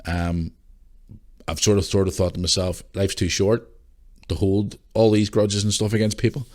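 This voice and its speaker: A fairly low, slightly mellow male voice keeps a level tone and moderate pace. He's a middle-aged Northern Irish podcast host chatting casually on his own, blunt and foul-mouthed in his ranting, tired enough to yawn.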